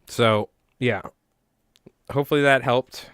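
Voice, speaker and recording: A man, chatting in a rambling, animated way to his viewers while tying flies on a live stream. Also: medium pitch, slow, smooth, no echo, clean studio sound. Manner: rambling, animated, talks to chat.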